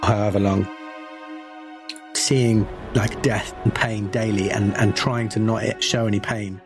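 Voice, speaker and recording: Man, tabletop player, lower pitch, thoughtful, halting, casual. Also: fairly even intonation, over music. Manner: thoughtful, halting, talking through his character's actions. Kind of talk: casual tabletop game play.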